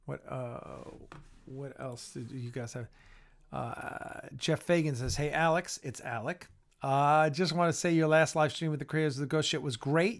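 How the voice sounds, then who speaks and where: A man hosting a casual live-stream chat. He sounds tired and yawns, and he gives blunt, opinionated takes. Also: medium pitch. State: tired and yawning.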